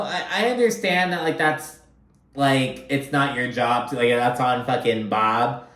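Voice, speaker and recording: A man hosts a casual reality TV recap, talking in a loose, animated and profane way. His voice sits at a middling pitch. The recording carries a noticeable room echo. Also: a little slow. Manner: profane, animated, chatty, often acts out quotes. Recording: echoey room.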